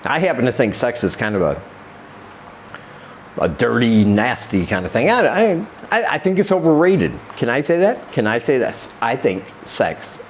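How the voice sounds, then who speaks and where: A man's voice: big pitch swings, moderate pace, highs cut off, a little hiss or hum. A man hosting a comedy podcast, rambling through a crude monologue and acting out quoted voices. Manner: rambling, acts out quoted voices in a raised pitch. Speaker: podcast host.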